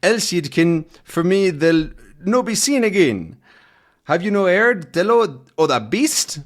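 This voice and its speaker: A man's voice: high-pitched, sing-song, pitched above the performer's own voice, full character voice. A man doing a cackling old Scottish villager. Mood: ominous. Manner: thick brogue, cackling, attempted and halting. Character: old male Scottish villager in a pub, ominous.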